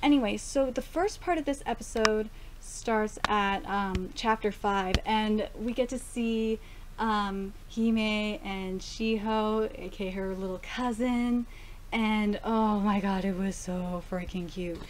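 A young woman casually reviewing an anime episode, gushing and excitable, swearing now and then. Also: medium pitch, slow, a little hiss or hum.

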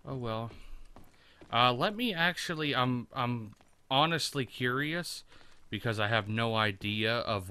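A lower-pitched man drawls through casual gameplay commentary, slow and meandering. His voice is bright and forward, and he swears freely while puzzling over menus. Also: clear, resonant tone. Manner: profane, rambling, thinking aloud. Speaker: let's play host.

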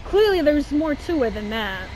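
A woman's voice: high-pitched, moderate pace. A woman hosting her gaming channel, chatting casually and exasperated through a let's-play, often exclaiming at the game. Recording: steady noise with game sounds behind.

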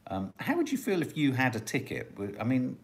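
Brief: male livestream host, jokey and chatty, voice swinging up and down, middle pitch. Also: wildly swooping pitch, brisk. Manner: chatty, jokey, musing aloud. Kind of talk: casual live chat, reading out viewer comments.

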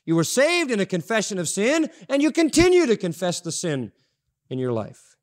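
A man's voice: high-pitched, wildly swooping pitch, moderate pace. A man preaching a sermon, emphatic and repeating key phrases for stress. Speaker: pastor. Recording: audio-only sermon recording.

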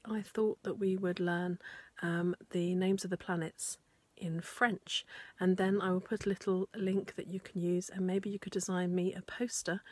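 A woman with a breathy, low-set voice teaches small children at an unhurried pace. She is gentle and encouraging, often slipping into a whisper. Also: dry recording. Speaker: primary school teacher.

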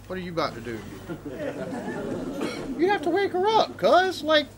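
A man's voice: very high-pitched, huge pitch swings, normal speed, over a noisy crowd, heavy background noise. An American man reacting to a sitcom episode, talking casually with exclamations and swearing. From United States. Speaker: reaction video host.

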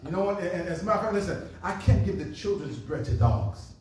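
A man preaching at a revival, telling Bible stories in a lively, conversational way and acting out the voices of the people in them. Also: high-pitched, fast talker. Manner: animated storytelling with acted-out voices, says "man" often. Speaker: pastor. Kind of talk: revival sermon. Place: church sanctuary. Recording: echoey room from a distance.

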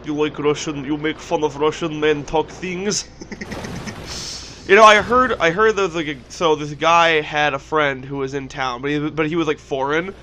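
A man's voice: fairly high pitch, steady tone, moderate pace, slight background noise. A young man co-hosting a let's play, joking around and laughing while he plays. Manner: joking, loud bursts of laughter and shouting at the game. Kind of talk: casual gaming chat.

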